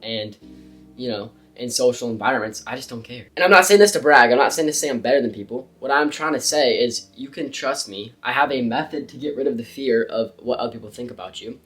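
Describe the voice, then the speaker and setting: A young man giving casual, emphatic advice to camera about confidence and speaking, with slangy, animated delivery. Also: medium pitch, fairly quick, faint music behind. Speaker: self-improvement creator. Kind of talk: casual motivational talk to camera.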